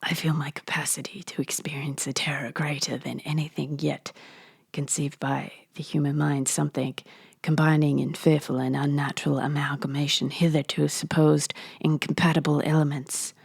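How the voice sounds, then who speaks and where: Woman doing a brooding young man, hushed half-whisper, gravelly, dry close sound, horror storytelling. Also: low voice, flat delivery, moderate pace, no echo, heavily acted. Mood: gloomy. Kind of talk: dramatic reading of a horror story.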